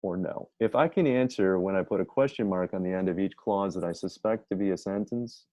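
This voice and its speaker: A man's voice: low-pitched, fairly quick, warm tone, no echo. A man teaching a grammar lesson in a chatty way. He often corrects himself and reads his example sentences aloud. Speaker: writing teacher. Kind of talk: informal grammar lecture. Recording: dull dry lo-fi sound.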